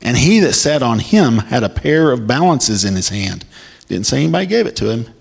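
A man preaching a sermon, reading scripture and commenting on it emphatically, his voice climbing high in excitement and now and then breaking into a shout. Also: a little fast, vocal fry, slightly rough. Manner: emphatic, pitch swings high when excited.

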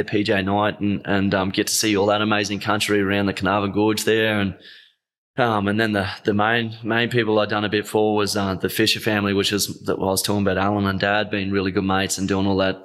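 A young man from the Northern Territory in Australia, voice on the low side and fairly bright, is the guest in a casual interview. Telling a heartfelt story, he chokes up with his voice catching and wanders along with many fillers.

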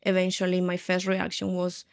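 A woman's voice: fairly low pitch, completely flat delivery, moderate pace, creaky. A woman giving an earnest personal testimony in an interview, retelling her past with frequent restarts.

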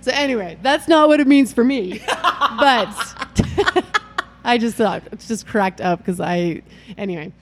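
A woman's voice: a little high, a little slow, long pauses, slight background noise. A middle-aged woman, a mother, chatting as an interview guest in a bubbly, rambling way, often laughing. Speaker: guest, event organizer and mother. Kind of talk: casual interview chat.

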